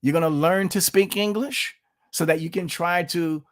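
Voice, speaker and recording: Man from the US, fairly high voice, emphatic opinionated vlog commentary, repeats points, talks to viewers as folks. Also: moderate pace. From United States. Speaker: political commentator.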